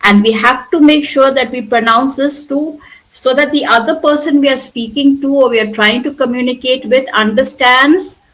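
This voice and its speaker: A woman with an Indian English accent teaching a spoken English lesson, patiently repeating words slowly for her students. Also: high voice, fairly even intonation, a bit bright, low-quality recording. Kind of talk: classroom pronunciation lesson.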